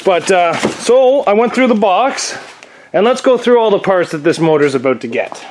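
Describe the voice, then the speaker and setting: A man with a fairly high voice chats his way through a repair job. He jokes and gets worked up easily, talking half to himself and half to his viewers. Clear workshop noise sits behind him. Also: moderate pace. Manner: chatty, excitable, jokey self-talk. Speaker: workshop vlogger. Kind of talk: casual workshop vlog. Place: garage workshop. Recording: noisy workshop.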